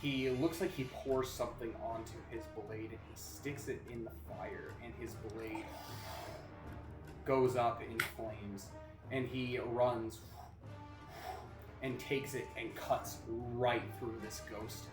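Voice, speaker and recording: A man's voice: mid-range voice, fairly even intonation, slow pace. A man narrating as game master of a tabletop game, talking casually with fillers and restarts. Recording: roomy sound with music behind.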